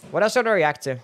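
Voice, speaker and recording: A man's voice: high voice, a bit bright, a little hiss or hum. A young man streaming live, reacting to his own old videos, laughing, swearing and mocking himself.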